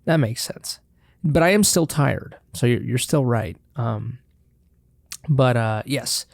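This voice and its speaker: A man hosts a casual solo podcast, talking loosely with joking swears while chewing chocolate right on the mic. His medium-pitched voice is gravelly and animated, and he speaks slowly in a clean, echo-free studio recording.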